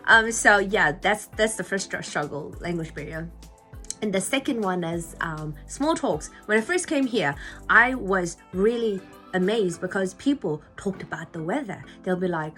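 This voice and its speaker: A young woman from Nagaland, India, speaking with an Indian English accent, whose first language is Lotha, chatting to camera in an animated, jokey way as a vlogger. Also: lowish voice, measured pace, faint music behind. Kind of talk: casual chat to camera.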